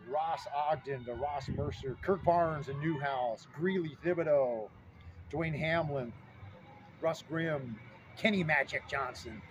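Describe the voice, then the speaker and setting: A man in his fifties from Southeast Alaska, hosting a casual, nostalgic vlog and listing old names with rambling enthusiasm. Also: medium pitch. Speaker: vlog host. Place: outdoors in front of a fieldhouse. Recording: loud outdoor traffic noise. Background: loud street and traffic noise.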